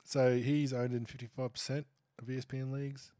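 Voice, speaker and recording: Deadpan man reading stats. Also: medium pitch, a little fast, no room sound. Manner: dry, deadpan, with crude jokes. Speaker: podcast co-host. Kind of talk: casual chat reading out stats.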